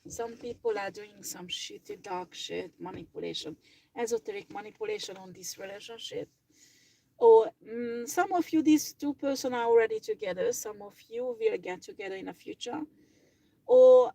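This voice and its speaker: Gravelly-voiced woman reading tarot cards. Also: mid-range voice, dark tone, rough recording. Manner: chatty, blunt, swears freely, many fillers. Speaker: tarot reader.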